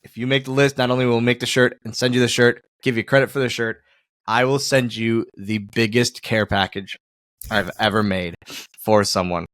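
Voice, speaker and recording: A man's voice: medium pitch, fairly even intonation, normal speed, a bit bright, dry recording, clean studio sound. A man hosting a podcast in casual chat, telling self-mocking stories and laughing often. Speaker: podcast host.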